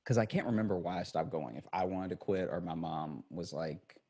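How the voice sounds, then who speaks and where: Deep husky man chatting casually. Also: brisk, darkish tone. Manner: hesitant, rambling with restarts and "like". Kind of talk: casual chat.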